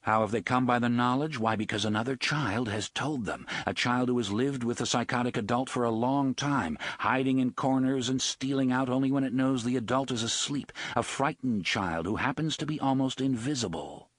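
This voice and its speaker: A man narrating an audiobook with dramatic, expressive storytelling, recorded close to the mic. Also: medium pitch, moderate pace, few pauses, dry recording. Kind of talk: scripted narration.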